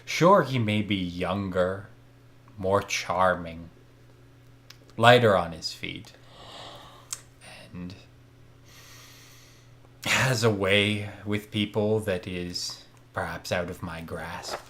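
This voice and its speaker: A man voicing a proud male vampire lord in a tabletop game, speaking slowly and softly with disdain. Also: sits low, full character voice. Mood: disdainful.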